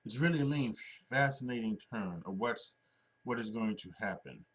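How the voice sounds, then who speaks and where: A man's voice: lowish voice, animated, normal speed, fairly bright tone. A man hosting a solo wrestling podcast, talking casually and rambling with many restarts and fillers. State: sleepy, yawning.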